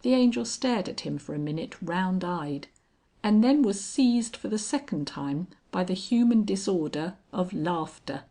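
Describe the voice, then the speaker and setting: A woman reading a classic novel aloud, narrating in a measured, steady way. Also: lowish voice. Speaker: audiobook reader. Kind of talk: scripted narration.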